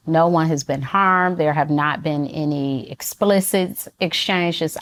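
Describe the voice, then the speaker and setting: A woman with a low, deep speaking voice talks calmly and clearly as a psychologist. She explains her ideas step by step in a measured, unhurried way. Her tone stays conversational. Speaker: psychologist guest. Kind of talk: conversational interview.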